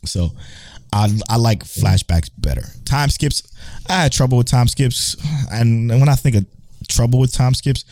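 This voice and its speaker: A man's voice: medium pitch, measured pace, darkish tone, no echo. A young man hosting a casual podcast chat, rambling and swearing freely as he corrects himself mid-sentence. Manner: rambling, profane, self-correcting. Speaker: podcast host.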